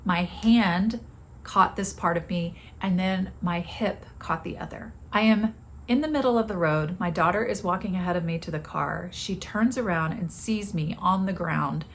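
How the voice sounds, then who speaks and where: A woman's voice: fairly low pitch, normal speed, a little hiss or hum. A middle-aged woman hosting a podcast, telling a personal story in a candid, confessional way. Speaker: podcast host.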